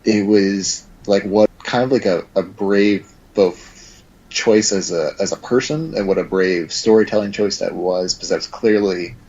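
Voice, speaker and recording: A man's voice: fairly low pitch, unhurried, a little mellow, breathy edge. A man co-hosting a podcast, reflecting on a film in a thoughtful, hedging way. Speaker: podcast co-host. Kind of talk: casual film discussion. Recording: dull lo-fi sound.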